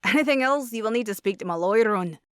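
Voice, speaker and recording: A woman doing a gruff guarded Scottish barman. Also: on the high side, lively intonation, quick pace, dry recording, clean studio sound, close to an everyday voice. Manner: suspicious, curt, Scots dialect words. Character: gruff guarded Scottish male pub owner.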